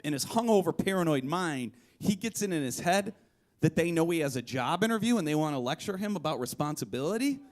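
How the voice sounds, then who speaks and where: A man with a somewhat high voice tells self-mocking stories on stage in a one-man show. His delivery is animated, and he climbs louder and higher as each punchline lands. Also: a little fast. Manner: animated, self-deprecating, builds to loud punchlines. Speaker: comedic storyteller. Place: live performance venue.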